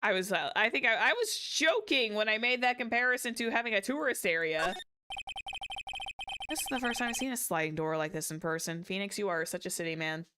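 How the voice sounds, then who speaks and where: A woman's voice: medium pitch, animated, fairly quick, background noise. A woman streaming a game, reading its text aloud and chatting with jokey asides. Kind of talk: casual let's-play commentary. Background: game music.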